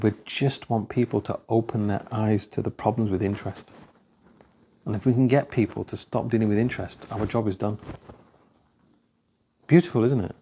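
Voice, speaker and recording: A man with a lowish, gravelly, warm voice gives a conversational religious talk. He tells anecdotes and acts out the dialogue in his stories.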